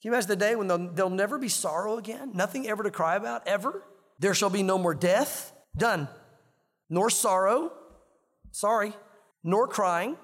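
A man's voice: sits high, moderate pace, a bit bright, in a large hall. A man preaching a sermon as pastor, in an earnest, conversational way, repeating himself as he reads and explains scripture.

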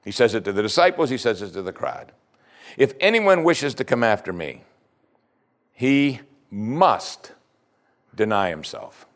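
A man's voice: mid-range voice, very animated, unhurried, pauses often. A male pastor preaching a sermon, retelling scripture in casual everyday speech and addressing the congregation directly. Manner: conversational preaching, paraphrasing scripture in plain speech.

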